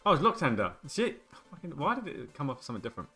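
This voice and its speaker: A man's voice: fairly high pitch, very animated, fast talker, pushed and bright, breathy edge, soft background music. A man in his twenties streaming a game, chatting casually and joking and rambling with his viewers. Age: 20s. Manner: joking, rambling banter with chat. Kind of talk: casual live-stream chat.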